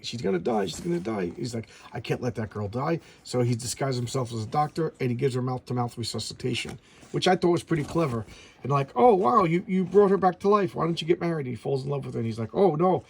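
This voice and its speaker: A middle-aged man casually reviewing an old comic book, rambling and animated, acting out bits of dialogue as he goes. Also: medium pitch, vocal fry, breathy edge.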